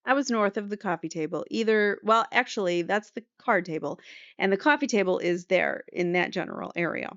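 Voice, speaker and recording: A woman voicing a young male defendant, answering cross-examination in a halting, defensive way. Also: medium pitch, lively intonation, a bit bright, no room sound. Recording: slightly muffled dry recording.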